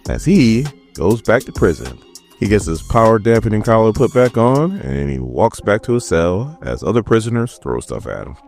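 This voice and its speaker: A man's voice: on the low side, very animated, moderate pace, gravelly, darkish tone, faint music behind. A man casually recapping a comic book issue, retelling scenes in a chatty, slangy way. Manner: retells scenes conversationally, mimicking characters' lines with slangy asides.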